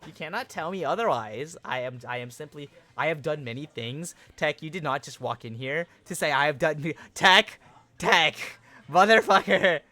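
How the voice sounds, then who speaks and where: A young male streamer chatting live with his viewers, excitable and quick to swear and laugh at the chat. His voice sits a little high and sounds bright and sharp. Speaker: livestream host. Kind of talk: casual livestream chat with viewers.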